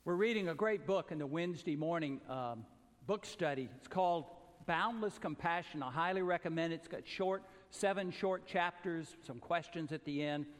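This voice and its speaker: An earnest male pastor from the American South delivers a sermon in a high-pitched voice, rising to emphatic calls and then sinking low and soft. His words ring out with the long reverb of a large church. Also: normal speed.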